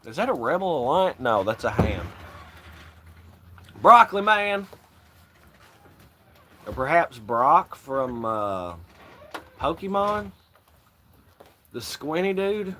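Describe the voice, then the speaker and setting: Slow-talking man on a livestream. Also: on the high side, sing-song, pushed and bright, slight background noise. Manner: rambling, profane, laughs often. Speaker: livestream host. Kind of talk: casual livestream chat.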